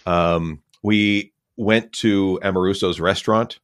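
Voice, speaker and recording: A man with a very deep voice chatting on a football podcast. He tells a relaxed, rambling story at an easy pace. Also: slow pace. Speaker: podcast co-host. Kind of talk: casual podcast chat.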